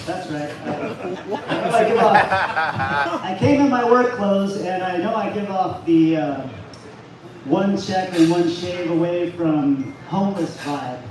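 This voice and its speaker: A man doing a halting, self-deprecating stand-up set at an open mic in a bar. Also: high voice. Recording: echoey venue from far off, noisy.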